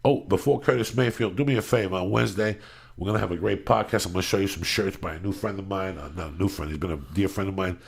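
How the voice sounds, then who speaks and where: A middle-aged man hosts a podcast in a gravelly, husky voice, a little stuffed up in the nose. He rambles loudly and swears constantly, working himself into a pep talk. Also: deep voice, quick pace. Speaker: podcast host. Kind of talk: profane casual podcast rant.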